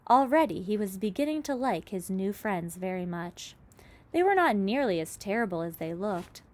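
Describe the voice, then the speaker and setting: A woman reading a children's story aloud in an expressive narrating voice. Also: medium pitch, normal speed. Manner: expressive, lively. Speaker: reader.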